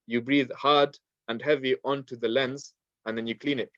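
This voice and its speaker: A man's voice: medium pitch, fairly even intonation, a little fast, dry recording. Brief: male teacher, patient and repetitive, dry, slightly muffled classroom recording. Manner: patient, repetitive explanations with many fillers. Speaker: Quran recitation teacher.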